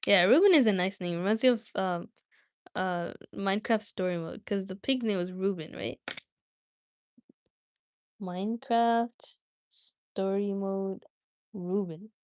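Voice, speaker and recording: A woman's voice: medium pitch, animated, normal speed, clear, resonant tone, dry recording. A woman hosting a livestream, talking casually and giggling as she chats straight to her viewers. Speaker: livestream host.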